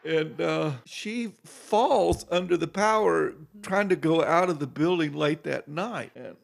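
Gravelly guy, guest preacher telling stories real slow, lots of uhs. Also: fairly high pitch. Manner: unhurried, gravelly, many fillers, grows loud and excited telling stories. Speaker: guest minister. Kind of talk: casual storytelling chat.

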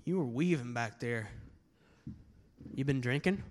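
A man's voice: mid-range voice, animated, a little slow, pitched below the performer's own voice, natural voice. A man playing a gushing young cop. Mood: stern. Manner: swears freely, gushes with enthusiasm. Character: young male traffic cop, gushing excitable fan.

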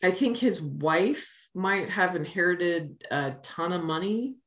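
A woman co-hosting a casual sports podcast, quick and blunt with wry asides. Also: on the low side, animated, a bit bright, reverberant. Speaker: podcast co-host.

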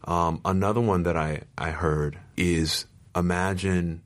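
A man hosting an interview podcast, explaining his point in a measured, thoughtful way. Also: low voice, fairly even intonation. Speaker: podcast host. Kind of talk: casual conversation.

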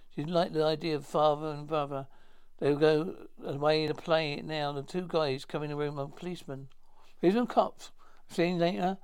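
A man acting a fast-talking character in a 1950s TV drama, with brisk, stagey dialogue. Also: fairly high pitch, clean tone, natural voice.

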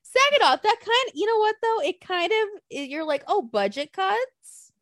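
A young woman rants through a casual podcast chat, cursing freely and slipping into mocking quotes. Her voice sits high and swings widely in pitch, and it is recorded dry and close. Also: moderate pace, dry recording. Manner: animated, profane ranting with mocking quotes. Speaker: podcast co-host.

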